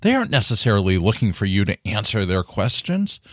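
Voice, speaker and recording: A man's voice: lowish voice, big pitch swings, a little fast, dry recording. Guy doing his own podcast, sincere and encouraging, lots of "you know", dry close mic. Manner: earnest, encouraging, many "you know" fillers. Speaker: podcast host. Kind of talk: casual solo podcast talk.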